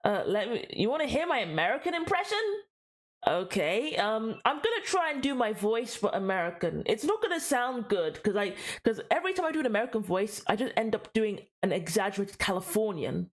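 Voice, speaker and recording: A woman's voice: medium pitch, sing-song, a little fast. A woman streaming a game, reading the story aloud and chatting with viewers in a chatty, self-deprecating way.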